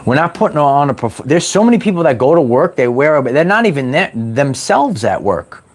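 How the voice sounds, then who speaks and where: Animated man on a motivational livestream. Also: a little high, fairly quick. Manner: animated, repetitive, playful, drawls words like "baby". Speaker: host of a spiritual wellness livestream. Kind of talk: motivational livestream talk to chat.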